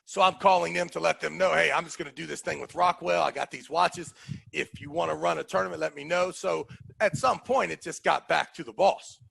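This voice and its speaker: A man with a high, gravelly, bright voice tells a story in casual chat. He talks in an animated way and acts out the people in his story. The voice is a little husky and the room is dry. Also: a little fast, no echo. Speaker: podcast host telling a story.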